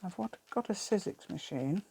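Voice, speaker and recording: A woman's voice: medium pitch, expressive, moderate pace, gravelly, mellow, a little hiss or hum. A British woman hosting a craft channel, chatting through a crafting demonstration and rambling to herself with giggly asides.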